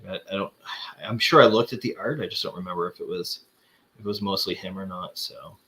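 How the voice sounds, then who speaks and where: A man's voice: sits low, fast, pushed and bright. Rambling man chatting about comics. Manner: rambling, many fillers and restarts. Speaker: comic collector host. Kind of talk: casual chat showing comics.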